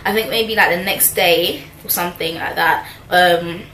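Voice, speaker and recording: A woman's voice: lowish voice, normal speed, bright, forceful tone. A young woman, telling a personal story to camera in a chatty, slang-filled way with lots of asides. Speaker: vlogger. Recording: echoey room with faint noise.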